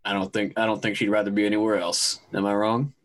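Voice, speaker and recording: A man narrating a tabletop role-play as game master, introducing characters in a laid-back, halting way. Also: fairly low pitch, level tone.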